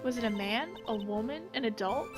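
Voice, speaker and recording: A young male defense lawyer pressing a witness with pointed questions, read by a woman in her own high voice. Game music runs in the background. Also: brisk, close to an everyday voice. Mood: probing. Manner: questioning, probing.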